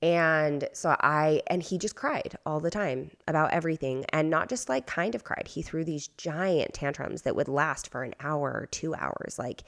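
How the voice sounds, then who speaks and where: A woman in her thirties, co-hosting a podcast, telling a personal story in a candid, rambling way with lots of fillers. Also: deep voice. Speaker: podcast co-host. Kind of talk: casual storytelling chat.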